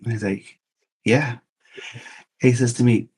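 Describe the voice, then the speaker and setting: On a podcast, a man in his fifties recounts a long story from his own life, his medium-pitched voice measured, breathy at the edges, and broken by frequent pauses. He stays animated, voicing the people in the story as he quotes them in casual narration.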